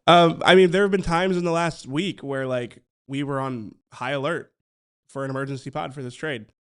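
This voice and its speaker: A man's voice: fairly high pitch, normal speed, clean tone. Playful, laughing male podcast co-host. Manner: playful and teasing, laughs often. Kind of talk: casual sports chat.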